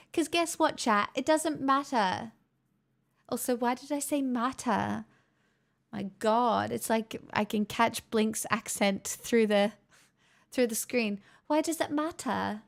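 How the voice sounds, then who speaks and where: A young woman live streaming on a headset mic, chatting to her viewers in a giggly, rambling, self-mocking way. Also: mid-range voice. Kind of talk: casual chat with stream viewers.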